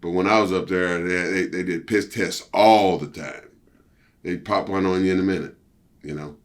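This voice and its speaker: A middle-aged man, a former pro wrestler, telling stories in a casual interview, animated and profane, peppered with "you know" and "see". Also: normal speed. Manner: animated storyteller, jumps high for quoted outbursts.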